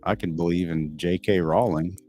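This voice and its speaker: Middle-aged Texan man, very low voice, blunt and cussing livestream host, faint music underneath. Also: fairly even intonation, moderate pace, warm tone. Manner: candid, blunt and profane, answering viewers off the cuff. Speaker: livestream host reading chat. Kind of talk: casual live stream chat.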